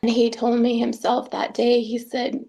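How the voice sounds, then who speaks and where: A woman recounting painful family events as an interviewee in a documentary, speaking earnestly with halting restarts. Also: a little high, completely flat delivery, vocal fry, mellow. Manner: earnest, halting first-person retelling with restarts. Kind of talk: documentary testimony.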